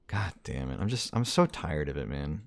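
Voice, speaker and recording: A man's voice: rumbling low, sing-song, moderate pace, vocal fry, slight background noise. A young man streaming a game, tired and venting in an exasperated, repetitive rant about losing. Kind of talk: frustrated gaming rant.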